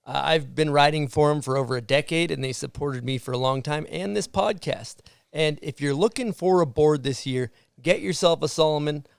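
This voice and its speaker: A man hosting a casual podcast, chatting with guests and reading a sponsor plug in a relaxed way. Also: a little high, creaky, smooth, no echo, studio quality. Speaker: podcast host.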